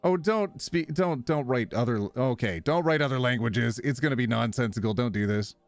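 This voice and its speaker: Talking at a moderate pace in a medium-pitched voice, a man chats casually with viewers on a live stream. There's no room sound, just soft background music, and he's animated, reading messages aloud and laughing often.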